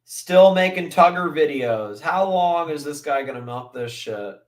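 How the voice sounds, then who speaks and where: A man chatting on a livestream in a slow, drawn-out way, his voice sitting a little high for a man. He rambles, swears freely and repeats phrases to himself. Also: animated. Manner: profane, rambling, mimics voices. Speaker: livestream host. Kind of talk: casual livestream chat.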